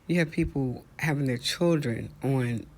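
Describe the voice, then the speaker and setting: A man's voice: mid-range voice, a little slow. A man hosting his own show, delivering an outraged, preachy monologue full of rhetorical questions. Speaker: host. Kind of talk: impassioned monologue.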